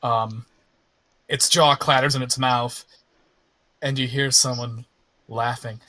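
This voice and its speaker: A man narrating as game master of a tabletop game, relaxed and halting, with fillers. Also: medium pitch.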